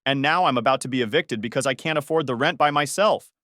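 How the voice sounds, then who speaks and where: A man's voice: medium pitch, fast talker, fairly bright tone, no room sound, studio quality, natural voice. A man voicing a desperate, manipulative young woman who shrieks and pleads tearfully.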